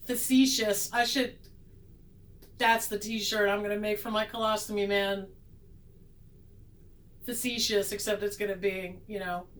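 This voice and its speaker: Woman tarot vlogger, casual and self-mocking, laid-back slow delivery, mid pitch. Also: rough recording. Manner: sarcastic, self-mocking, laughs often. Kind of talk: casual chat, tarot reading.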